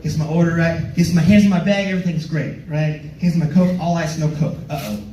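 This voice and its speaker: Young male stand-up, playful and self-mocking, high-pitched, echoey live-room mic with faint club ambience. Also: fairly quick, warm tone, slight background noise. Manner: playful, self-mocking, slips into goofy voices. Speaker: stand-up comedian. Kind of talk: stand-up comedy set. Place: comedy club stage. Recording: roomy club sound from a distance.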